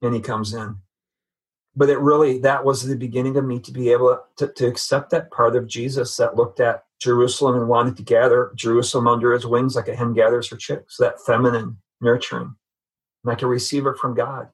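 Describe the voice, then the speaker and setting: A middle-aged guest shares his personal faith testimony earnestly and conversationally. His voice is husky and slightly breathy, pitched medium with little movement, and he often halts, repeating words and restarting as he hunts for the right phrase.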